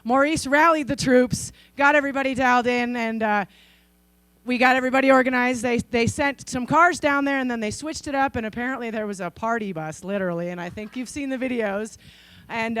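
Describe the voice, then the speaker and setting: A woman in her forties from Idaho giving a conference keynote, telling stories in a lively way and acting out the people in them. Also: on the high side, brisk, dry recording. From Idaho, USA. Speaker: keynote speaker. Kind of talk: storytelling speech. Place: conference stage.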